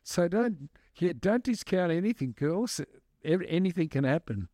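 A chatty man rambles through stories with lots of restarts and fillers. His voice sits a little high for a man. The sound is close and dry. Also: animated, normal speed, mellow, no echo. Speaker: guest musician and advocate. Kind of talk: casual storytelling answers.

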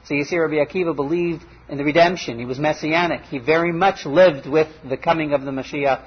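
Husky man telling Torah stories. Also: fairly high pitch, fast, few pauses, dull audio. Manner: animated storytelling, acts out quoted voices. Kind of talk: storytelling Torah lecture.

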